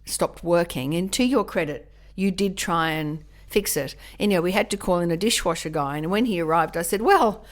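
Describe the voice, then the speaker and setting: A woman's voice: fairly low pitch, fairly quick, few pauses. A woman, co-hosting a podcast and telling a long everyday story in casual, rambling chat. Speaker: podcast co-host.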